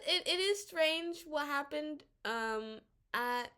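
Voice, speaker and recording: A woman vlogger giving casual commentary on a drama series. She talks in an animated, rambling and exasperated way, often stammering and restarting her sentences. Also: high voice, takes it slowly.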